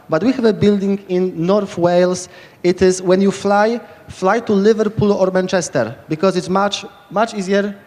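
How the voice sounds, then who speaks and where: Polish guy giving a rambly excited talk, high-ish voice, lots of uhs, echoey hall. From Poland. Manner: enthusiastic, rambling and hesitant with many fillers. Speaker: speaker giving a short conference talk. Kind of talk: quick lightning talk.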